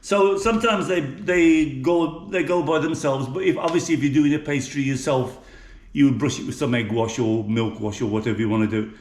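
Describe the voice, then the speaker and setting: Speaking a little fast in a mid-range voice, a middle-aged man from England with an English accent chats through a casual cooking vlog. He's in his home kitchen, the room echoes, and his talk is full of fillers and restarts.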